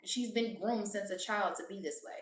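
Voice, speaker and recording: A woman's voice: mid-range voice, moderate pace. A woman giving a casual tarot reading, blunt and profane, often laughing as she talks. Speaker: tarot reader. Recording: roomy echo, voice distant from mic.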